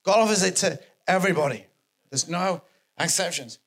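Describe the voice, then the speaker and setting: A man preaching a sermon, animated and emphatic, repeating his key phrases for effect. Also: sits high, moderate pace.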